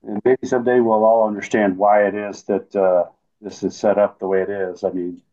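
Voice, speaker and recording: Male co-host, low mellow voice, halting, dull muffled recording. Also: level tone. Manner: measured, halting, with many fillers. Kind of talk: casual religious chat.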